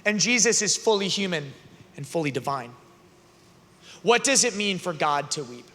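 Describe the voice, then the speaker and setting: A man giving an earnest, conversational youth talk that builds to loud emphatic passages, recorded in a large arena hall. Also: sits high, animated, moderate pace. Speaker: youth conference speaker. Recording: long hall reverb.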